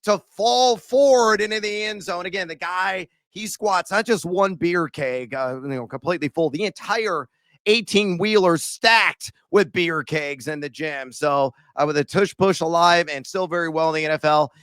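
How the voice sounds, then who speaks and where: A hyped-up man from Illinois running through betting picks in a high, excitable voice. He swings into playful shouts and joking asides. The sound is dry and close, with no room around it. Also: moderate pace, no room sound. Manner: exuberant, hyped, bursts into shouting; playful, sprinkles joke phrases. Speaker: sports betting podcast co-host. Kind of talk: casual betting picks chat.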